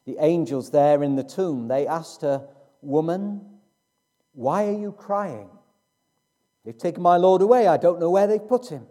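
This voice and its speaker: A man preaching a sermon in a slow, emphatic way with dramatic pauses. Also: medium pitch, warm tone.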